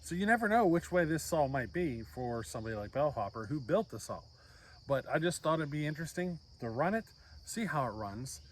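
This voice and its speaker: A man's voice: on the high side, big pitch swings, brisk, a little hiss or hum. A man hosting a chainsaw channel, chatting casually to the camera in a folksy, rambling way with lots of fillers, outdoors.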